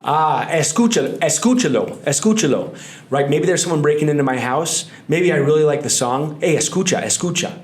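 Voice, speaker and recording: A man's voice: on the high side, animated, a little fast. A man co-hosting a language podcast, upbeat and jokey, talking straight to the listeners in casual chat. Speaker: podcast co-host. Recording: roomy studio echo.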